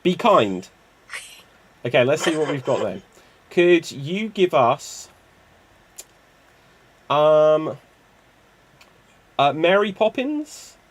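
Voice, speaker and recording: A man hosting an improv comedy stream, brisk and jokey. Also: on the high side, very animated, a little hiss or hum. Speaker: improv show host.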